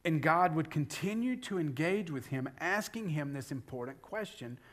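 A middle-aged man preaching a sermon, building loudly on key points and dropping to a whisper for emphasis. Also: on the high side, animated, moderate pace. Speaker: pastor.

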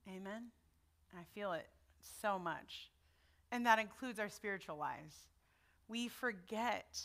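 A woman's voice: mid-range voice, takes it slowly, vocal fry, a bit bright. A middle-aged woman giving a sermon in a personal, conversational way, often checking in with her listeners. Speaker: preacher.

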